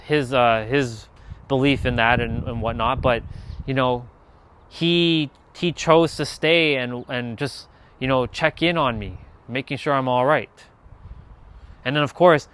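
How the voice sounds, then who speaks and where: A man's voice: medium pitch, a bit bright, clean tone. A man telling a personal spiritual story, earnest and rambling, with many restarts and trailing phrases. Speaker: spiritual content creator.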